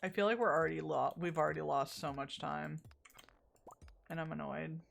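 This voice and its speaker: A woman's voice: deep voice, fairly even intonation, normal speed, vocal fry, slight background noise. A woman streamer chatting casually while playing a game, often exasperated, rambling and swearing at it. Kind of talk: casual gameplay chat.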